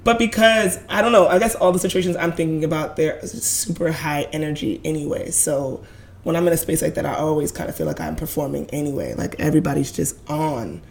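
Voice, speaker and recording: A woman from Brooklyn talking quickly in a casual chat as podcast co-host, often laughing. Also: sits low, vocal fry, a little hiss or hum.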